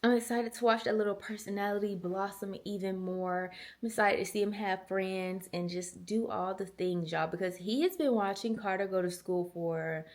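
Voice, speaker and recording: Chatty young mom talking to camera. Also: female voice, medium pitch, moderate pace, hardly any pauses. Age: 20s. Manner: chatty, animated, uses y'all and girl. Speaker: mom vlogger. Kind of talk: casual chat to camera. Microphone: small handheld camera.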